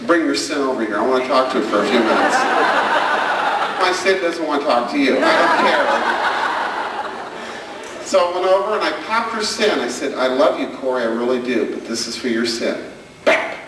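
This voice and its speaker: A man's voice: mid-range voice, expressive, normal speed, noisy background. A man doing stand-up storytelling about family life, acting out the people in his stories, recorded on a camcorder far off in a large hall. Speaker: stand-up comedian and speaker. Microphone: camcorder from the audience.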